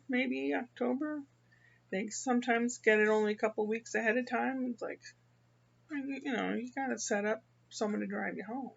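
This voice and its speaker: An older woman from the American Midwest, rambling through a casual personal monologue with halting restarts. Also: medium pitch, creaky, dull audio. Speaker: vlogger.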